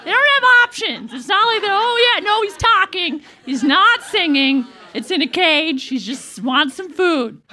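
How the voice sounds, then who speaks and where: A woman's voice: extremely high pitch, expressive, moderate pace, few pauses, bright, forceful tone, exaggerated voice. A woman performing a live comedy roast in character, giggly and rambling, laughing at her own jokes. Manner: giggly, rambling, self-deprecating. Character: comedic take on a famous 1950s female comedian.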